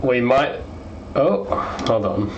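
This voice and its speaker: Young man, casual livestream chat, excitable, apologetic, cheap headset mic. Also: medium pitch, slow pace, lo-fi sound, a little hiss or hum. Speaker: game developer streamer. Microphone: cheap gaming headset mic.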